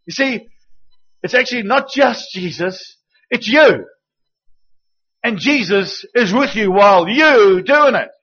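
A man with a high voice preaches as a guest speaker, acting out little dialogues as he tells his stories. At times he drops to a hushed, intimate tone. The recording sounds dull and lo-fi. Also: takes it slowly, long pauses, breathy edge. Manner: animated storytelling with acted quotes. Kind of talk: sermon.

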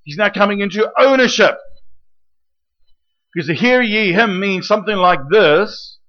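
A man with a high voice preaches a sermon, teaching in a lively way and often pausing to ask his listeners if they follow. The recording is muffled and lo-fi, with the top end rolled off. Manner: lively teaching preacher, rhetorical questions and checks with the room. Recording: dull lo-fi recording.

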